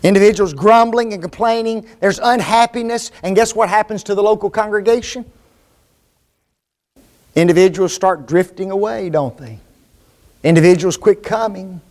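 High-voiced man preaching a sermon. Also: moderate pace, darkish tone. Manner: rhetorical tag questions, emphatic repetition.

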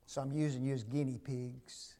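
A man preaching a sermon, swinging between loud emphatic peaks and hushed near-whispers and asking the congregation frequent rhetorical tag questions. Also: mid-range voice, flat delivery, moderate pace.

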